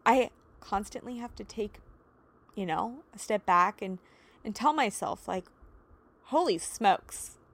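A woman's voice: mid-range voice, measured pace, creaky, a bit bright. A woman in her thirties hosting a solo podcast, talking in an emotional, earnest, encouraging way with many "you know"s and "like"s. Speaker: podcast host and life coach. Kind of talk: heartfelt solo podcast talk.

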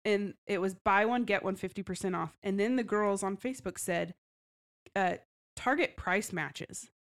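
A woman's voice: mid-range voice, moderate pace. Chatty woman podcast co-host. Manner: chatty, storytelling, laughs often. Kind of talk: casual book-club chat.

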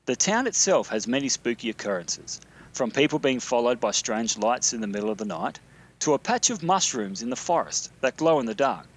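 A man's voice: mid-range voice, big pitch swings, fairly quick. An Australian man from South Australia reading out his own spooky hometown story, with casual, dry asides. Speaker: listener sending a recorded story. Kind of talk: reading a written story aloud.

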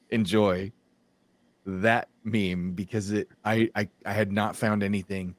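A man's voice: fairly low pitch, flat delivery, unhurried, background noise. A male podcast host talking bluntly in casual, opinionated chat and telling stories as he goes. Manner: blunt, storytelling, laughs often.

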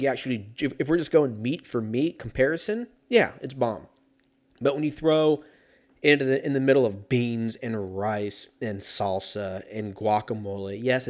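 A man talking casually on his own, rambling and joking with plenty of swearing. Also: medium pitch. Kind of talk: casual solo chat.

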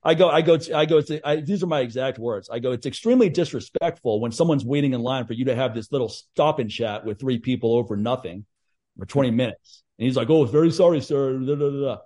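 A man hosting a casual chat, telling stories in a blunt, profane, animated way. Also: medium pitch, fast talker. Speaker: podcast host.

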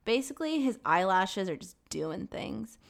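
A woman's voice: mid-range voice, sing-song, normal speed, vocal fry. A young woman co-hosting a podcast in casual chat, giggly and full of fillers. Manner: giggly, chatty, many fillers. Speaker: podcast co-host.

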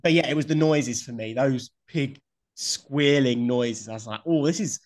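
A man's voice: mid-range voice, a little slow. A man hosting a podcast in casual chat, blunt and swearing freely. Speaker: podcast host.

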